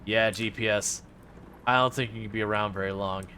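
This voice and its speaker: A man's voice: on the low side, fairly even intonation, fairly quick, bright, forceful tone, a little hiss or hum. A man chatting casually to his chat while streaming a driving game, rambling with lots of fillers and playfully mocking the game.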